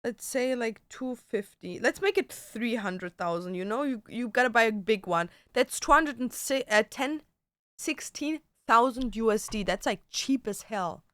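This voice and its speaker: A young woman from Germany, speaking, chats loosely on a livestream, full of "like" and casual swearing. Her voice is smooth, crisp and bright, a touch higher than most, recorded dry and close. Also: animated, a little slow, no echo. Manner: chatty, swearing, lots of "like". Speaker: streamer. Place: home.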